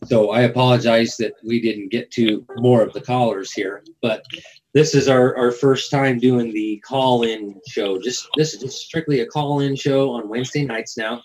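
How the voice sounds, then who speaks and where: A man's voice: medium pitch, fairly even intonation, normal speed, noisy background. A man hosting a call-in talk show, talking in a rambling, earnest, preachy way.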